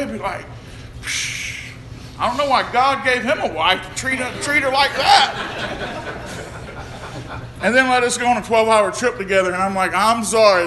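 High bright preacher in an echoey hall. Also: male voice. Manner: shouts and drops to a hush, preacher cadence. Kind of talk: sermon. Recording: echoey room with faint noise.

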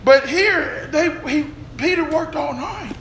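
Male preacher, high bright voice, shouts and whispers, roomy hall with faint hiss. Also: lively intonation, takes it slowly, gravelly. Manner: shouts and drops to a hush, preacher cadence. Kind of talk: sermon. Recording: echoey room with faint noise.

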